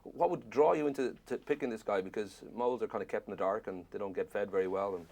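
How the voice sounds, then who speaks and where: A man's voice: lowish voice, quick pace, creaky, darkish tone. An Irish man interviewing an actor, asking long rambling questions with jokes. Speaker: film interviewer.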